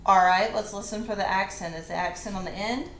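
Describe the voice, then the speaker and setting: A woman's voice: medium pitch, slight background noise. A woman teaching a phonics lesson, patiently going through the steps one at a time. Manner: slow, patient, step-by-step instruction. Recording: echoey classroom, faint ambience.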